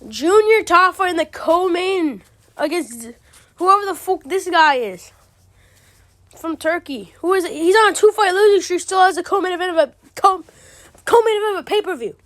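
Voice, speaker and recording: A woman's voice: very high voice, animated, moderate pace, a bit bright. A woman giving casual, ranting commentary, exasperated and profane, full of slang. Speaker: MMA commentary channel host.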